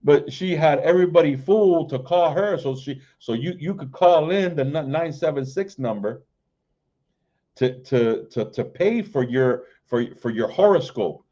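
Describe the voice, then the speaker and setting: A man preaching an informal livestream sermon, repeating "man" and "right?" between phrases and reading scripture in a drawn-out way. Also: a little high, animated, mellow, lo-fi sound. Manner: repeats "man" and "right?", stammers and restarts, slow KJV reading. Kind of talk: informal street-style sermon.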